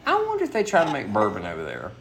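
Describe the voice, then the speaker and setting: A man's voice: lowish voice, wildly swooping pitch, rapid-fire, a bit bright, slight background noise. A man co-hosting a podcast, swearing freely and teasing the others in casual chat. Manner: profane, teasing banter. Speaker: podcast co-host. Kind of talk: casual chat over drinks.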